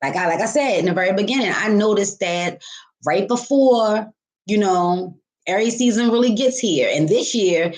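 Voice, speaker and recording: A woman's voice: medium pitch, darkish tone. A woman tarot reader giving a casual spiritual talk to her viewers, candid and profane, calling them baby and honey.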